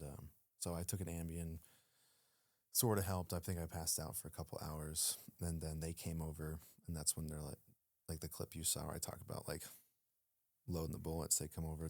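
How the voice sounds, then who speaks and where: His voice is a rumbling low one, captured at studio quality with no echo. As a guest and former Navy SEAL, he casually tells an interview story in an animated manner, voicing quoted dialogue and filling it with frequent fillers.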